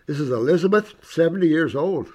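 A man with a highish, slightly mellow voice talks fairly quickly with lively intonation. Working as a natural health practitioner, he speaks to an online audience with casual enthusiasm about client cases, acting out dialogue, rambling through asides and repetitions, and addressing viewers as sweetie and honey.

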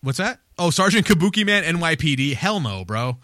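This is a male podcast host with a bright, forward voice, talking loosely and laughing a lot. He swears casually and wanders off on tangents. The sound is dry and close, with little room. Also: on the high side, big pitch swings, fairly quick, dry recording. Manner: loose, profane, laughs a lot, rambling asides.

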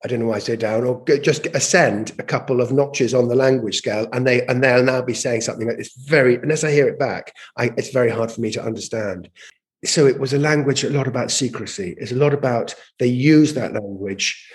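A man's voice: mid-range voice, a little fast. A man speaking as a guest in a conversational interview, telling stories animatedly, often repeating and restarting words as he thinks. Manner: animated storytelling, frequent repetitions and restarts. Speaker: guest, language campaigner.

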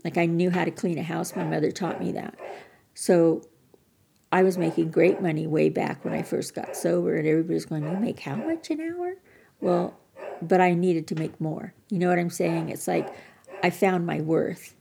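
A woman's voice: lowish voice, level tone, moderate pace, creaky, mellow, slight background noise. An older woman telling her personal recovery story as a podcast guest, candid, earnest and self-deprecating.

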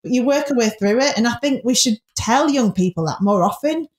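A woman's voice: on the high side, expressive. A woman with a Northern English accent, a broadcaster chatting candidly as an interview guest. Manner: chatty, candid, quick asides. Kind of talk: casual interview chat. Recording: roomy echo.

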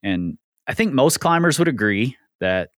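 A man's voice: mid-range voice, very animated, measured pace, a bit bright, no echo, clean studio sound. A man hosting a podcast, explaining things earnestly with frequent ums and easy laughs. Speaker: podcast host. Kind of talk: casual podcast discussion.

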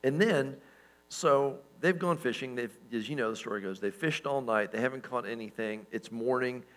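A man pastor giving a sermon in a relaxed, conversational way, with lots of fillers and restarts and chuckles at his own stories. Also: medium pitch, normal speed, low-quality recording.

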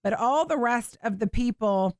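A woman hosting a faith show, teaching from the Bible in an animated, expressive way and acting out what people in the story say. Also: on the high side, moderate pace, no room sound, studio quality. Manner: animated, expressive, laughs and acts out voices.

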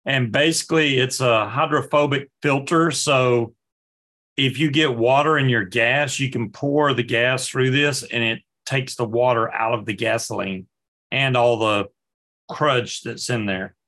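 A man talks through gear in a relaxed way. His voice sits at an ordinary middle pitch. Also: measured pace. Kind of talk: casual chat.

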